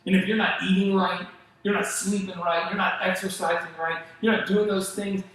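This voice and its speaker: A male pastor preaching a sermon, telling stories in an animated way and acting out the voices of the people he quotes. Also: sits high, normal speed, heavy reverb, poor audio. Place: church sanctuary.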